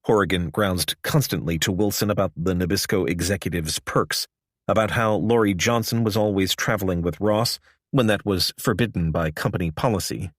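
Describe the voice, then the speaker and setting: Guy reading an audiobook, even and measured, lowish voice, super dry. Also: dry recording. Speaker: narrator. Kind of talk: scripted audiobook narration.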